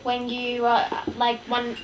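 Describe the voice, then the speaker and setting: A woman's voice: on the high side, completely flat delivery, slow pace, slight background noise, poor audio. A woman in a group session, answering questions hesitantly and searching for words.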